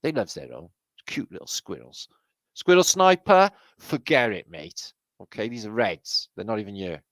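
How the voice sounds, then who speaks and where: A low, gravelly British man talks in a loose, rambling way, his voice leaping up and down as he reacts. He is a show host giving casual, excitable commentary and swears freely, and the sound is close and dry. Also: normal speed, dry recording. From Britain.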